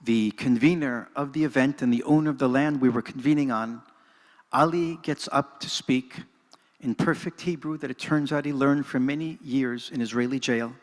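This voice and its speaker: A man's voice: medium pitch, normal speed. An older man giving an earnest, dramatic personal storytelling talk in a synagogue hall, moving between narration and reflection. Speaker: speaker at a presentation. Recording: reverberant hall.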